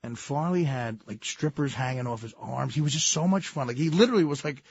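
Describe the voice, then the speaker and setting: A man telling casual, animated anecdotes, often breaking into laughter as he talks. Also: mid-range voice, a little fast, vocal fry, slightly rough. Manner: animated, laughing storyteller, full of fillers. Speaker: storyteller, guest. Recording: dull lo-fi sound.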